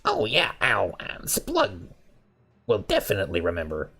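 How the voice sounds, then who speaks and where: Fawning goblin prisoner, voiced by a man, low and swooping. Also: huge pitch swings, normal speed, sharp tone, breathy edge, soft background music, exaggerated voice. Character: scheming little male goblin prisoner.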